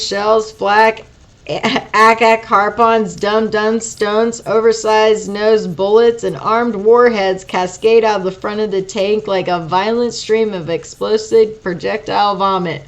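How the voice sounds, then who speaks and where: A woman's voice: medium pitch, rough recording. A woman reading a first-person audiobook aloud, with profane, wry, casual asides. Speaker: audiobook reader.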